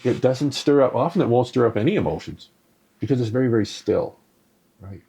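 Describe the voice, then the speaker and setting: A man's voice: mid-range voice, animated, brisk, dark tone, slight background noise. A man giving a conversational spiritual teaching on a live stream, often checking in with "right?" and answering viewer comments. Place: live stream to an online audience.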